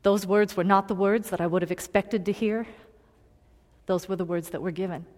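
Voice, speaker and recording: A woman preaching a personal story in a sermon, earnest and confiding, moving between loud emphasis and hushed tones. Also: medium pitch, fairly even intonation, moderate pace. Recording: long hall reverb.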